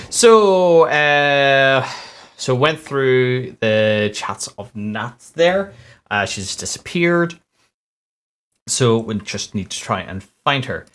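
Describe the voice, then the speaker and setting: A man's voice: medium pitch, slow, clear, resonant tone. A man hosting a let's play, talking casually and hesitantly over a game. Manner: relaxed, hesitant with fillers. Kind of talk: casual gameplay commentary.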